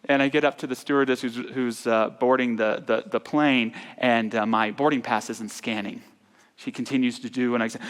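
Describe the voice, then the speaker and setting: Man, minister, earnest sermon, soft near-whispered drops, middle pitch, long church reverb. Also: steady tone, moderate pace. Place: large church sanctuary.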